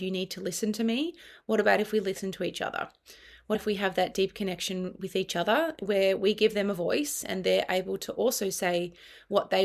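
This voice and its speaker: Woman, Australian accent, middle-aged, gravelly edge, earnest counselor explaining. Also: mid-range voice. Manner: earnest, explanatory, with quoted dialogue. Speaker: guest, family and child counselor. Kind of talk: conversational interview.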